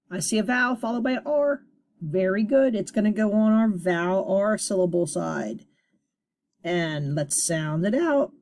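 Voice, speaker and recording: A woman's voice: medium pitch, moderate pace, a little mellow. Upbeat woman teacher sounding out phonics. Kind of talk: recorded phonics lesson for young students.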